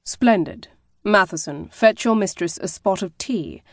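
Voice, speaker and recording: A woman voicing a confident, wealthy gentleman with a drawling, urbane, mocking manner. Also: medium pitch, lively intonation, measured pace, no room sound, studio quality.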